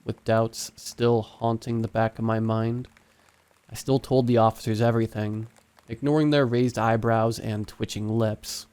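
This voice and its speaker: A man's voice: fairly low pitch, level tone, a little slow, darkish tone, smooth. Man narrating a horror story. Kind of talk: scripted narration.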